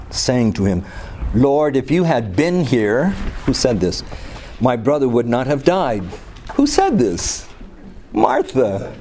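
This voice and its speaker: A man's voice: lowish voice, dark tone, a little hiss or hum. A man leading a Bible study, reading scripture aloud and then commenting casually with rhetorical questions and teasing asides. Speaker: Bible teacher.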